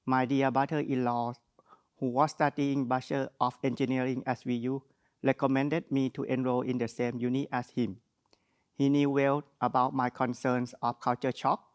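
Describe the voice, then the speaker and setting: A man's voice: medium pitch, flat delivery, moderate pace, smooth. A young man from Thailand with a Thai accent, giving an earnest formal graduation speech with non-native phrasing. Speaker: graduate speaker.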